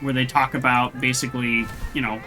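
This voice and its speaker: A man's voice: medium pitch, level tone, a little fast, bright, forceful tone, faint music behind, rough recording. A young man streaming a video game, chatting casually and joking with mock indignation. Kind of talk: casual gameplay commentary.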